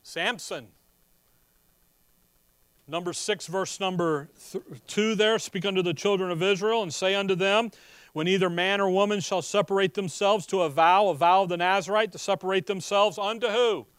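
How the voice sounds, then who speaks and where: A man preaching a sermon, reading scripture and explaining it in a folksy, animated way. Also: high voice, normal speed, clean tone, no room sound, clean studio sound.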